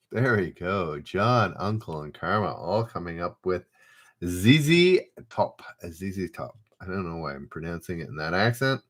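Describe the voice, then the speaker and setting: A man's voice: fairly low pitch, a bit bright. A man hosting a live online trivia game, reading questions aloud and chatting casually while players answer. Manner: reads questions aloud, then chats loosely while waiting for answers. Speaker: trivia host.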